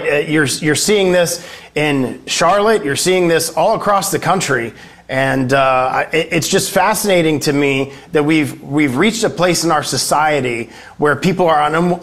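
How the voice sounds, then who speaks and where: A man's voice: on the high side, normal speed, a bit bright. A man who is a congressman, speaking as a guest in a political interview and making emphatic talking points with frequent fillers.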